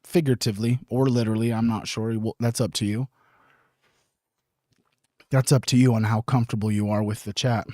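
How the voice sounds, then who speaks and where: A man's voice: on the low side, fairly even intonation, fairly quick, pauses often, darkish tone, no room sound. Chatty male livestream host, dry close sound. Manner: rambling, swears, many restarts, frequent throat clearing. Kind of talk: casual livestream chat. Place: home streaming setup.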